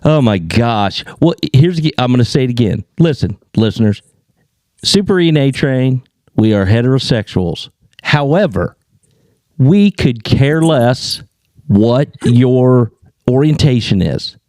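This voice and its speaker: Mellow-voiced man hosting a podcast. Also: medium pitch, animated, measured pace, no room sound, studio quality. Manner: emphatic, reacts with short interjections. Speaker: podcast host. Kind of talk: casual chat.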